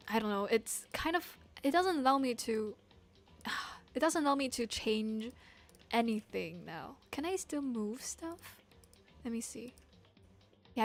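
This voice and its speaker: A woman with a high, light voice hosts her livestream, chatting in an unhurried way. She talks into a desktop streaming microphone. She is bubbly and playful, and her talk rambles. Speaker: livestream host. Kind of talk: casual livestream chat.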